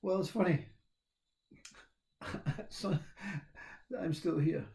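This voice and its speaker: A man, talking in a rambling, reflective monologue, laughing often and halting with fillers. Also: on the high side, creaky, dark tone. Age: 60s.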